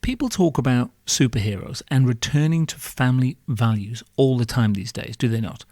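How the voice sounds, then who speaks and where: A man's voice: medium pitch, animated, normal speed, dark tone, dry recording. Sarcastic, sweary man ranting dry. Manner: sarcastic, profane, rhetorical. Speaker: podcast host. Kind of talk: comic monologue rant.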